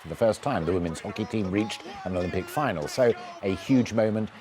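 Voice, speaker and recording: A man's voice: on the low side, brisk, noisy background. A man anchoring a live TV news programme, upbeat and playful in a studio interview.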